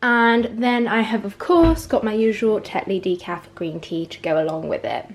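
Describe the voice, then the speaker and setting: A woman's voice: medium pitch, normal speed, roomy sound, a little hiss or hum. A young British woman chatting casually in a food vlog at home, bubbly and full of "like". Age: young adult. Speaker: vlogger. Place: home kitchen and garden.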